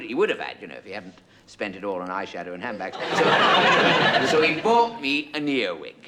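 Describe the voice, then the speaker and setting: An English comedian meanders through a shaggy-dog monologue, breaking off into asides and chuckling at his own digressions. His pitch swings widely from phrase to phrase. A heavy hiss sits under the whole recording. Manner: digressive, self-interrupting, chuckling. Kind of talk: rambling stand-up monologue. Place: studio with audience. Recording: loud background hiss, live audience laughter.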